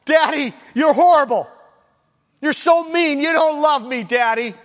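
A man's voice: very high voice, measured pace, pitched above the performer's own voice. A man voicing a whiny little child who accuses their father of being mean, in a reverberant hall.

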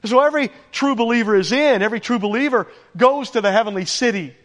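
A man's voice: very high voice, fast, a bit bright. A man preaching a sermon to his congregation, emphatic, rising for stress and asking the room questions. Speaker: pastor. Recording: echoey church hall with long reverb.

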